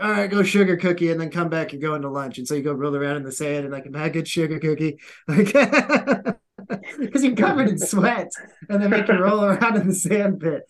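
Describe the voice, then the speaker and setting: Slightly high-voiced man telling lively stories. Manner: animated anecdotes with acted-out quotes and laughter. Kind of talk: casual podcast chat.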